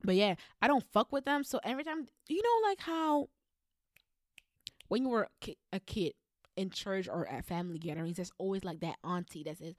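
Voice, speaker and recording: A woman's voice: medium pitch, animated, brisk, no room sound, studio quality. A woman vlogger telling a personal story in a blunt, heated manner, swearing constantly. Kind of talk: storytelling monologue.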